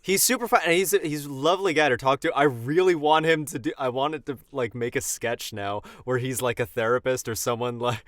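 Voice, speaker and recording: A man co-hosting a podcast in a playful, casual chat who drifts off mid-thought. His voice is bright and smooth, and the sound is dry and close. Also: medium pitch, a little fast, few pauses, no room sound. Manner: playful, joking, trails off often. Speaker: podcast co-host.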